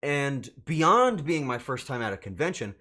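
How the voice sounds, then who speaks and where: A man's voice: medium pitch, very animated, moderate pace, bright, forceful tone. A man streaming as a VTuber, telling a rambling story straight to his chat and swearing freely. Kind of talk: casual storytelling to live chat.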